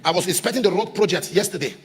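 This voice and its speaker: A man preaching a sermon as a pastor, emphatic, repeating phrases and rising to shouts. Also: high voice, lively intonation, very fast, breathy edge, in a large hall. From Nigeria.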